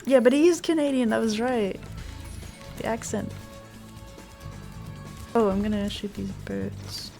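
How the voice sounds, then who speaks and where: Giggly gravelly-voiced woman streamer. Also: fairly high pitch, a little slow, pauses often, mellow. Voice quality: chatty, giggly, easily startled. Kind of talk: casual gameplay chat. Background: faint game music.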